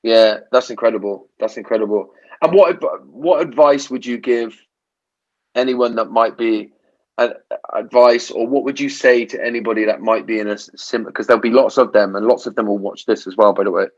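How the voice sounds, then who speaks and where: A man's voice: mid-range voice, brisk. Reflective male podcast host, slightly dull audio. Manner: reflective, many restarts and tag questions. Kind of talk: casual interview chat.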